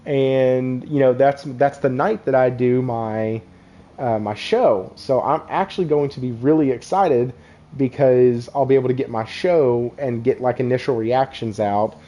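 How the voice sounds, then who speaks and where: A man's voice: mid-range voice, unhurried, mellow. A young man hosts a casual live stream, rambling and laughing as he talks to viewers in the chat. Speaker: podcast host.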